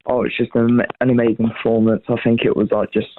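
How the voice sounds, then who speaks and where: A man's voice: medium pitch, level tone, fast, a little hiss or hum. A young man calling in by phone, casual and full of fillers like "like.". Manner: casual, lots of "like". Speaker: caller. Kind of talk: phone-in call. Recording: tinny phone line.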